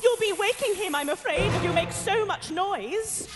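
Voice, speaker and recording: A woman's voice: extremely high pitch, expressive, normal speed, pitched above the performer's own voice. Alice, a prim little girl, as a woman puts her on. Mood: anxious. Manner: earnest, prim, easily indignant. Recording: long hall reverb, music behind.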